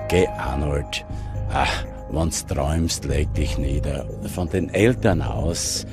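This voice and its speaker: Deep-voiced man reminiscing. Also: slow. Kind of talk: reminiscing interview. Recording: interview over loud music.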